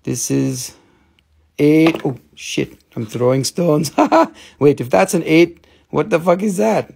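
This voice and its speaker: A man's voice: a little high, slow pace, creaky, a little mellow, slightly rough. A man hosting a casual live-stream crystal sale, joking and swearing freely as he shows the stones.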